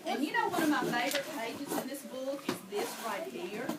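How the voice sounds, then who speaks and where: A woman reads a picture book aloud to children, animated and stopping often to quiz them. Her voice is high and swings widely in pitch. The recording is distant, roomy and noisy. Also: moderate pace. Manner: animated, asks the children questions. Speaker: storyteller reading to children. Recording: echoey room, far mic, noisy.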